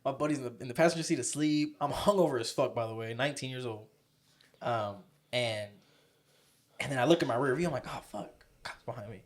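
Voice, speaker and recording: A man's voice: mid-range voice, fast. A young man co-hosting a podcast, telling a story in a casual, profane, rambling way. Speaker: podcast co-host.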